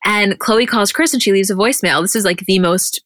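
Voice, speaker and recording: A young woman co-hosting a podcast, casually recapping a reality show with animated storytelling and plenty of swearing. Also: medium pitch, brisk, no room sound, studio quality. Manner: animated storytelling, quoting others in put-on voices, frequent swearing. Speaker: podcast co-host recapping episodes. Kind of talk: casual chat.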